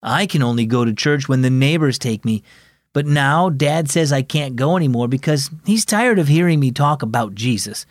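A man voicing a quiet, thoughtful boy in a children's audio story, speaking in a subdued, earnest way. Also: medium pitch, animated, normal speed, no room sound, clean studio sound, close to an everyday voice. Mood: wistful.

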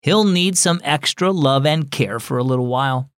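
A man voicing a calm, kind father in a children's devotional story, reassuring. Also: medium pitch, moderate pace, smooth, natural voice.

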